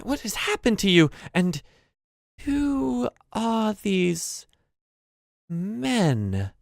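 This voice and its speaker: Man doing a shrill old goblin maid. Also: sing-song, very slow, gravelly, no room sound, clean studio sound, heavily acted. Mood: flustered. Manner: shrill, flustered. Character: aging little female goblin maid, flustered.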